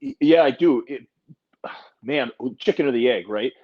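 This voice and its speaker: Husky and a little breathy, this forties-aged podcast co-host has a mid-range voice with lively intonation and speaks at normal speed. He's blunt, emphatic, and swears freely in the casual chat, captured on a dull lo-fi recording.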